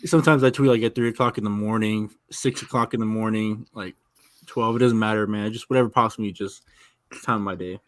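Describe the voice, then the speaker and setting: Fast-talking low-voiced man. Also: steady tone, no room sound. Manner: offhand, rambling. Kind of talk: casual chat.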